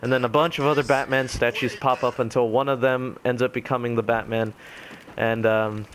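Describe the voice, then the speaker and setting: Casual young male gamer, mid-pitched, rambling recap full of ums, faint hiss behind. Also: flat delivery, fairly bright tone. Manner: rambling, filler-heavy retelling with quick quoted voices. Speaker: gaming commentator. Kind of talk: casual spoken game recap.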